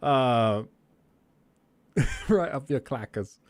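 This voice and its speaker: Young male live-stream host, casual and jokey, laughs often, average pitch, dry close sound. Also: expressive, very slow, dry recording. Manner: rambling, joking, laughs often. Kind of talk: casual chat with live chat viewers.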